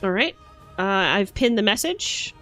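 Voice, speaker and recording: Animated playful woman streamer. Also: mid-range voice, a little slow, faint music behind. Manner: playful, teasing, animated, chatting with viewers. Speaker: streamer playing a bard persona. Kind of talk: casual live-stream chat.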